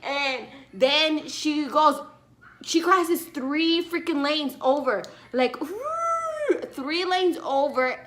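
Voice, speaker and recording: A woman's voice: sits high, slow pace, background noise. A young woman vlogger telling a story in a casual, sassy way, with lots of asides to her viewers.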